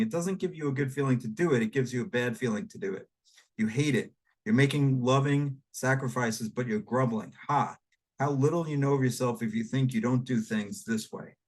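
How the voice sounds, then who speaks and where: A man narrating a spiritual book aloud in a measured, reflective manner, speaking directly to the listener. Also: medium pitch. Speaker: audiobook reader. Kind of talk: read-aloud nonfiction narration.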